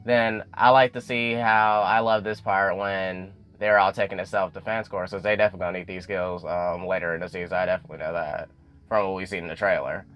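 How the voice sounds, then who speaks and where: Chatty low-voiced man recapping a show. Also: little pitch movement, brisk, a bit bright. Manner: chatty, full of "you know" fillers, acts out quotes. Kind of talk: casual TV episode recap.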